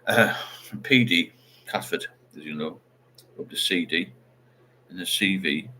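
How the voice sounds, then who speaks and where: A man's voice: deep voice, a little slow, pushed and bright, a little hiss or hum. A middle-aged man, hosting a casual livestream chat and rambling while he reads out viewer comments. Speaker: livestream host.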